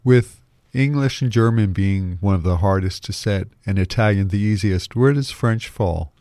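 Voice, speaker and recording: A man interviewing a guest, asking polite, measured questions. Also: lowish voice, mellow, dry recording, clean studio sound.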